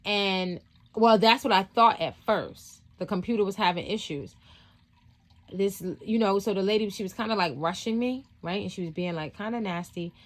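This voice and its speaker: A woman's voice: medium pitch, normal speed. A woman hosting a spiritual vlog, telling a story from work in a rambling, casual way with lots of fillers and restarts. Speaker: spiritual channel host.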